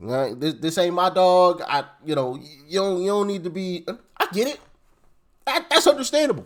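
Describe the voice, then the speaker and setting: Man, high voice, lively pitch, slangy casual commentary. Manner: animated, slangy, talks straight to the viewer. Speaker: commentator reacting to a clip.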